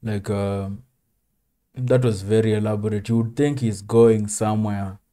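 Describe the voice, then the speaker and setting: A man's voice: fairly low pitch, fairly even intonation, unhurried, dark tone. A man hosting a reaction video, talking in a laid-back, rambling way with plenty of fillers. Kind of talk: casual reaction commentary.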